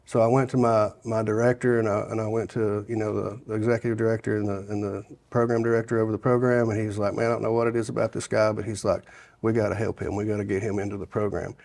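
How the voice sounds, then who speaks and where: With a lowish, gravelly and slightly mellow voice, a man talks fast and with little pitch movement. A guest from Sevier County, Tennessee, he shares his testimony in a casual interview, rambling through his life story with frequent restarts and quoting those he met.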